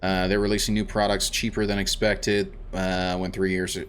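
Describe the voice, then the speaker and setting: A man's voice: deep voice, flat delivery, moderate pace, fairly bright tone, slight background noise. A man streaming a game, chatting casually with viewers and rambling a bit. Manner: chatty, rambling, restarts, answers chat. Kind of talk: casual let's-play chat.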